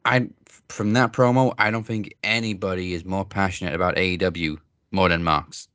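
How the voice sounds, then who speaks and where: A man's voice: sits low, fairly even intonation, moderate pace, fairly bright tone, clear, resonant tone, no room sound. A man co-hosting a casual talk show, rambling with lots of fillers and restarts. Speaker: podcast co-host. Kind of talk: casual wrestling chat.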